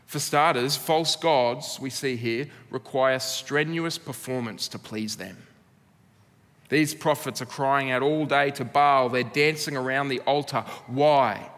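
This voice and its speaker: A man's voice: mid-range voice, unhurried, fairly bright tone. An Australian man preaching a sermon as pastor, earnest and laced with dry humour. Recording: long reverb of a church hall.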